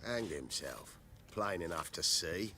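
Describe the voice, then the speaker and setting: A man's voice: low voice, expressive, unhurried, bright, forceful tone, slight background noise, full character voice. An actor playing a weary, plain-spoken male villager in a video game. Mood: grim.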